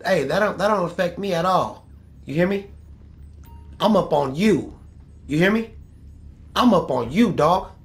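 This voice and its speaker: A man's voice: high-pitched, a bit bright. A man trash-talking another player while he plays an online game, taunting and boastful, with heavy swearing and repeated jabs. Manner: taunting, boastful, profane, repeats lines for effect. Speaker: gaming YouTuber.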